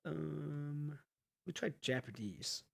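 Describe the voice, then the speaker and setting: A man chatting casually to his viewers, rambling and thinking out loud with the odd swear. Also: on the high side, slow, vocal fry. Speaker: streamer.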